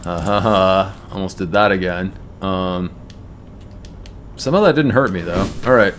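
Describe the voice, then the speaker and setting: A man's voice: deep voice, expressive, moderate pace, a little hiss or hum. A man streaming a game, chatting casually and musing aloud about words as he plays. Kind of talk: casual gameplay commentary.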